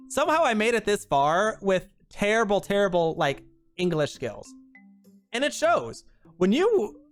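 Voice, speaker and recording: A woman streamer chatting casually, rambling and poking fun at herself in an animated way. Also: on the low side. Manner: rambling, self-mocking, animated.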